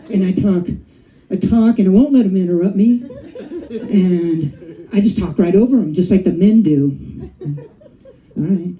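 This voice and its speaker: A woman's voice: medium pitch, a little slow, long pauses, dull audio, crowd noise. A middle-aged woman doing her first stand-up comedy set, chatty and profane, often tagging lines with "right?" and "you know". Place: comedy club stage. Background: audience laughing and cheering.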